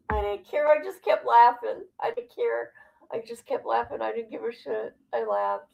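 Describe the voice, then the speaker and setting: A woman's voice: fairly high pitch, moderate pace, vocal fry, poor audio. A woman speaking casually on a livestream. She is blunt and profane, and she laughs often as she tells her viewers what has been bothering her. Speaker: streamer.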